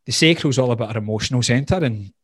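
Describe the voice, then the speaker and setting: A man's voice: medium pitch, racing, slightly rough, dry recording, studio quality. A man in his thirties, a health coach, telling his story in conversation, earnest and open, with frequent "like" fillers. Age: 30s.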